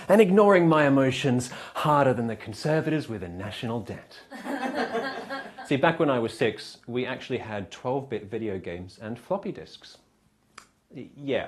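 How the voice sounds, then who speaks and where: Male comedy host, English-sounding accent, wry punchy monologue, very animated pitch. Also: slight background noise. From Australia. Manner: wry, punchy delivery with frequent laughs at own jokes.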